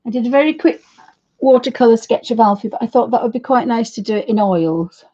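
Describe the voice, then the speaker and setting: A woman in her fifties, hosting an art livestream from her home studio, chatting in a rambling, friendly way with a croaky voice. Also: on the high side, brisk, mellow, lo-fi sound. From United Kingdom. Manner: chatty, rambling, talks fondly to her dog. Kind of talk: casual chat to viewers and pets.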